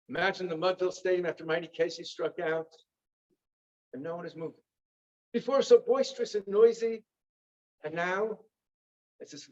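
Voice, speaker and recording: A man telling stories to a synagogue audience, vivid and theatrical with wry asides. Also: sits high. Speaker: guest speaker. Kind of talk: dramatic storytelling talk. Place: synagogue hall. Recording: dull lo-fi recording.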